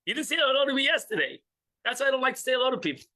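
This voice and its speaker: A man's voice: very high-pitched, big pitch swings, rapid-fire, bright, forceful tone, low-quality recording. A man teaching an informal religious class, joking with listeners and acting out little scenes. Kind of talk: informal class with audience banter.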